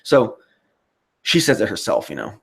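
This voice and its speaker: A man's voice: lowish voice, huge pitch swings, normal speed, vocal fry, a bit bright, breathy edge. A man hosting a livestream, giving rambling, profane commentary and reading out chat comments. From United States. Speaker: livestream host.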